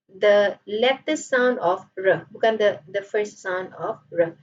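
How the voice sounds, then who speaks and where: A woman's voice: medium pitch, animated, measured pace, distant mic, dull audio. A woman with a Malaysian accent giving a phonetics lecture, playful and switching between Malay and English as she demonstrates sounds. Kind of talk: recorded online lecture.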